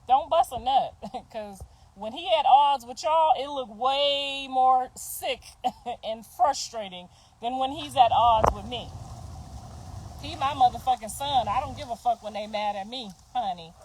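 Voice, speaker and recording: A woman's voice: fairly high pitch, unhurried, a little hiss or hum, poor audio. A middle-aged woman in a heated casual rant, profane and confrontational, laughing between her jabs as a mother defending herself. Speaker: mother ranting on a livestream.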